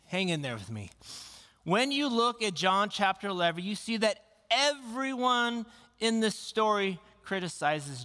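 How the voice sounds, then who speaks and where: Bright-voiced man preaching in a hall. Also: high voice. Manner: conversational, humorous, reads scripture aloud. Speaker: pastor. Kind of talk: sermon.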